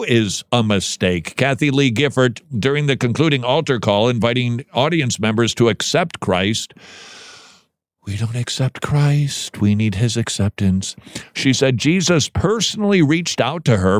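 A man's voice: medium pitch, very animated, moderate pace, hardly any pauses, dry recording, clean studio sound. A man hosting a Christian commentary show, reading news items aloud and reacting in a conversational way, often restarting with repeated words.

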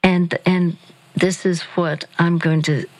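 An older woman giving gentle, measured Christian counsel on a call-in radio show. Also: fairly low pitch, level tone, rough recording. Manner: slow, gentle, measured, with fillers.

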